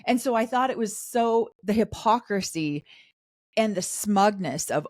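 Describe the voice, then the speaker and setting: A middle-aged woman co-hosting a podcast, chatting casually about a show and acting out the cast's lines in quick asides. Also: medium pitch, animated, a little mellow, dry recording, clean studio sound. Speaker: podcast co-host. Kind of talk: casual recap chat.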